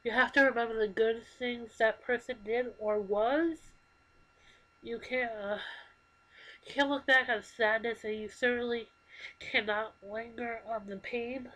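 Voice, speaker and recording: A young woman in her twenties with a slightly higher voice talks into a computer microphone. She speaks haltingly and earnestly, with plain emotion in her confessional talk. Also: fairly even intonation, a bit bright, poor audio. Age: 20s. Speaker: vlogger. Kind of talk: confessional personal talk to camera.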